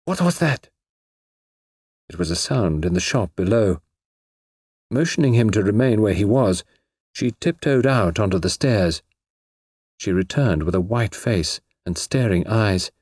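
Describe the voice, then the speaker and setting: A man reading a story aloud as narrator, in a husky voice with measured, expressive storytelling. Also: lowish voice, dry recording, clean studio sound.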